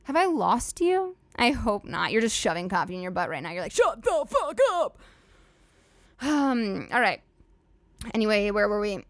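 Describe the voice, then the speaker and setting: A woman's voice: mid-range voice, big pitch swings, normal speed, no echo. Woman doing a solo comedy podcast, swears a ton, rambles, dead dry mic sound. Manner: profane, rambling, filler-heavy "like" talk. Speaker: podcast host.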